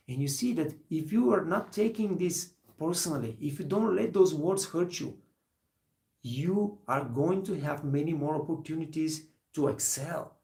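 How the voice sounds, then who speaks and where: A man's voice: on the high side, normal speed, vocal fry, a little mellow, echoey room. A man, a hospitality trainer, giving an earnest, rambling motivational talk to young trainees, full of fillers.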